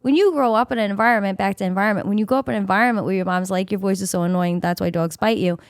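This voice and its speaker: A woman's voice: mid-range voice, rapid-fire, no echo, clean studio sound. A woman from New York with a New York accent, co-hosting a podcast and telling stories in an emphatic, chatty way. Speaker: podcast co-host. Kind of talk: casual comedic chat.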